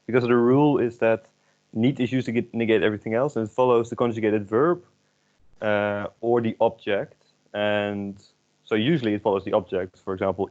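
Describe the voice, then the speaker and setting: A man's voice: on the low side, a little mellow. A man in an online language class, explaining a grammar rule and thinking aloud with many fillers. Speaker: student. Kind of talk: classroom question. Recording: dull lo-fi online call audio.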